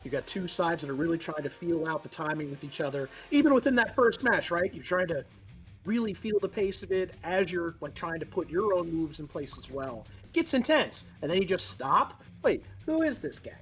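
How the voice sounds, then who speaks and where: A man giving live fighting game commentary, excitable and jokey, with trash-talking asides. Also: on the high side, fairly quick. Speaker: esports commentator.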